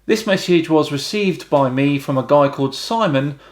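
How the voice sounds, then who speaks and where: British man, YouTube host, slightly higher pitch, deadpan, reading comments. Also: moderate pace. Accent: British English. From Britain. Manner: wry, deadpan. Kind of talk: reading viewer comments with dry replies.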